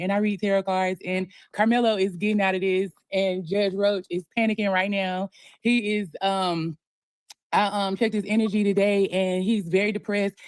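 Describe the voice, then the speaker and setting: A woman's voice: mid-range voice, smooth, no echo. Self-assured woman calling in. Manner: self-assured, chatty, drifting. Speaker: caller, tarot reader. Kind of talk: call-in chat.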